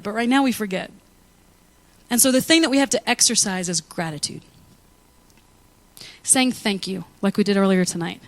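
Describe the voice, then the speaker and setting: A woman pastor giving a conversational sermon full of personal stories, laughing often as she talks. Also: medium pitch. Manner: chatty, anecdotal, laughs often; animated storytelling with quoted asides.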